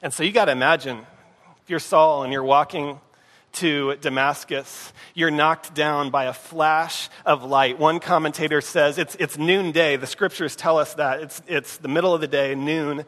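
A man's voice: fairly high pitch, steady tone, moderate pace, a bit bright. Man preaching in a reverberant hall. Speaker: pastor. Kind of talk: sermon.

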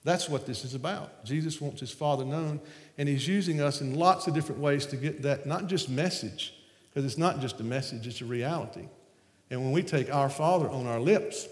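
A man with a Southern American accent telling a story to an audience in an animated, laughing way. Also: medium pitch. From Southern United States. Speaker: speaker on stage. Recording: echoey hall with long reverb.

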